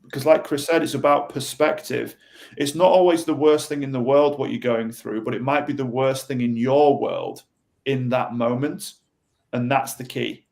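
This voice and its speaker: A man talking as a podcast guest, giving animated advice and acting out quoted voices. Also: medium pitch, moderate pace, creaky. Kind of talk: conversational advice.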